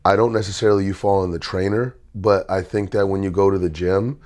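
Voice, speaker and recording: A middle-aged man hosting a casual interview, speaking in a calm, measured way. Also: deep voice. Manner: calm, measured, even-tempered. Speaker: host and basketball trainer.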